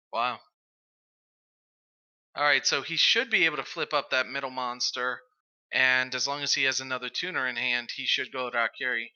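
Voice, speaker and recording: Bright, crisp-voiced male game caster. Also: mid-range voice, low-quality recording. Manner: rapid play-by-play, builds up to big calls. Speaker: esports caster. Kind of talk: excited game commentary.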